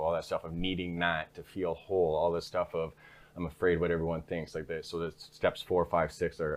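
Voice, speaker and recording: A man speaking frankly in an interview, telling his story in a casual, conversational way and often tagging his sentences with "right?". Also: low-pitched. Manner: frank, repeats "right?" tags. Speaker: interview guest.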